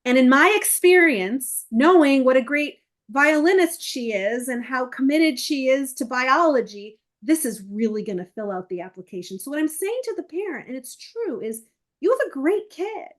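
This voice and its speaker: In an interview, a middle-aged essay coach animatedly describes her process, dramatizing the emails and parents she quotes. She has a high-pitched voice at a moderate pace.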